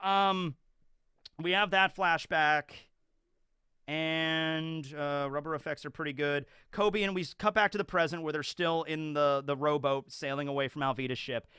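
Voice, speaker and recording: A man talks through a show episode in a loose, chatty ramble, full of fillers and restarts. His voice is a touch high, bright and crisply clear. The recording is dry with no room sound. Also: no room sound. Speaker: YouTube show reviewer. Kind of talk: casual episode breakdown.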